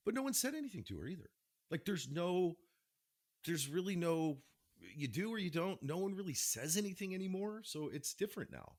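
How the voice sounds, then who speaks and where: Laid-back man with a lively pitch. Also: fairly quick. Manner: laid-back, agreeable, swearing storyteller. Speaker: podcast co-host. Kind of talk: casual chat.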